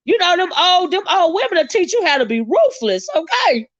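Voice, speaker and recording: A woman with a Southern US accent, hosting a casual livestream chat, sassy and quick to laugh, with drawn-out exclamations. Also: extremely high pitch, very animated, no room sound, dull audio. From American South. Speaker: livestream host reading viewer comments.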